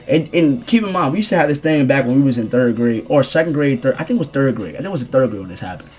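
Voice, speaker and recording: Young man, casual storytime vlog, slangy, rambling, lively swooping pitch, faint music behind. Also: fast talker, few pauses, breathy edge. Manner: rambling, slangy, animated, switching into voices. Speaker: streamer telling a story.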